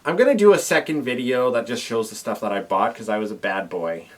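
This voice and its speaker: A man's voice: medium pitch, a little fast. A young man from Canada chatting casually in a video diary, rambling with lots of fillers, his voice a little worn. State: voice slightly worn. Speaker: convention organizer vlogging. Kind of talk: casual chat.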